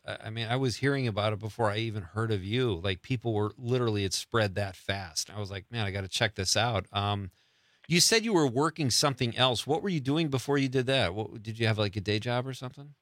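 Bright-voiced joking male host. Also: mid-range voice, a little fast, dry recording, studio quality. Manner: jokey, laughing, enthusiastic. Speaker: podcast host. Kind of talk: casual interview chat.

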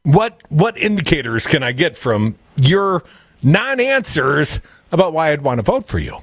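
Animated, husky-voiced talk radio host. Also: male voice, fairly high pitch, a little slow, dry recording. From Madison, Wisconsin. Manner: animated, sarcastic, reads news aloud. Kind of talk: casual political talk radio.

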